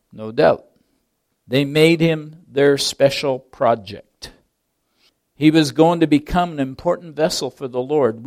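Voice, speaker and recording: A man preaching a sermon with slow, deliberate phrasing, dropping to near whispers and then rising to loud emphasis on key words. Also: fairly high pitch.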